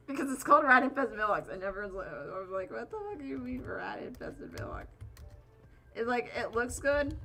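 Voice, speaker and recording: Bright-voiced woman streamer, rambling chat. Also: mid-range voice. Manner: rambling, chatty, swears freely. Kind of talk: casual live-stream chat while drawing.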